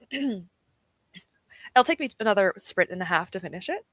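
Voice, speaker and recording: A woman's voice: mid-range voice, lively intonation, moderate pace, fairly bright tone, dry recording. A young woman streamer chatting casually and giggling often, poking fun at herself. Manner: chatty, giggly, self-deprecating. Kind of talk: casual livestream chat.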